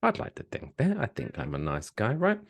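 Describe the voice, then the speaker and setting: A man with a very low voice that still rises and falls a lot, cracking jokes as he co-hosts a podcast. He talks in a loose, playful way. The chat is casual and comedic. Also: huge pitch swings, brisk, gravelly. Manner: playful, jokey, slips into silly voices. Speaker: podcast co-host.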